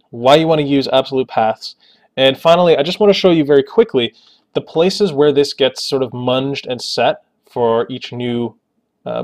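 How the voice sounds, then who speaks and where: Male tech tutor narrating a screencast, relaxed and explanatory, ordinary mid-range voice. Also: medium pitch. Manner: casual, explanatory, joking asides. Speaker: Linux tutorial host.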